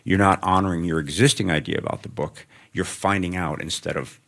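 A man's voice: low-pitched, fairly even intonation, brisk, gravelly, a bit bright. A middle-aged male author speaking thoughtfully in a live on-stage interview before students, rambling with frequent restarts.

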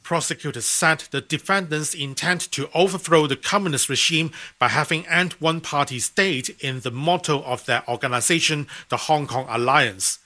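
Bright-voiced male news correspondent. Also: on the high side, moderate pace, hardly any pauses. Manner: crisp, formal reporting. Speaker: foreign correspondent. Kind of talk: scripted news report.

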